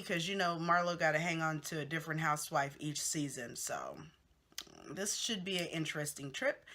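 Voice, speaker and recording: A woman's voice: on the low side, sharp tone. A woman hosting a casual gossip recap of a reality show, chatty and candid with lots of fillers and asides.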